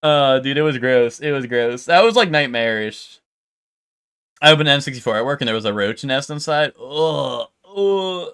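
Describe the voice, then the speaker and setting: Young man, streamer, bright forceful voice, rambling with fillers and swearing, addresses chat. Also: medium pitch, fairly quick, clear, resonant tone. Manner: talks straight to his chat viewers. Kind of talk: casual live-stream chat.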